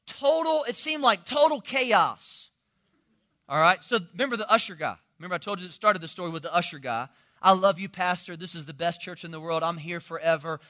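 Bright, high-voiced male pastor preaching. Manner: animated storytelling, impersonates congregants. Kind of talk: sermon.

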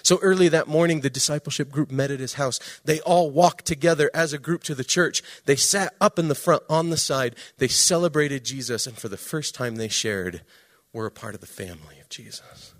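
A man preaching a sermon, telling a story with emphatic swings between loud and hushed delivery. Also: fairly high pitch, moderate pace, few pauses. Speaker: pastor.

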